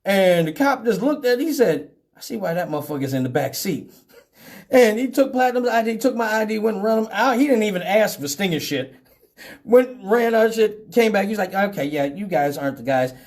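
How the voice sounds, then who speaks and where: A man hosting a live show, from Detroit, telling profane stories with animated voices for each person in them. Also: high-pitched, fairly quick. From Detroit, Michigan. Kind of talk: casual storytelling.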